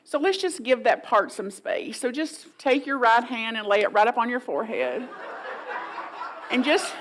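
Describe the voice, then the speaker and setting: A woman's voice: fairly high pitch, lively intonation, moderate pace, noisy background. A middle-aged woman, preaching a sermon in a folksy, playful way and acting out inner voices for the congregation. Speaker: guest minister.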